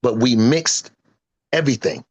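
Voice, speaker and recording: This fifties-aged singer-producer speaks at a measured pace in a mid-range, slightly mellow voice, captured on a low-quality recording. Chatting in a lively, casual interview, he brags with emphasis and plays out his friends' remarks.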